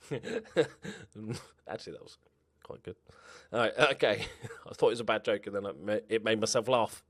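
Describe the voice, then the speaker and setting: A young man chatting casually as he plays a football management game. He reacts loudly to the match and laughs at his own jokes. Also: lowish voice, normal speed, no room sound, studio quality. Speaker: gaming YouTuber.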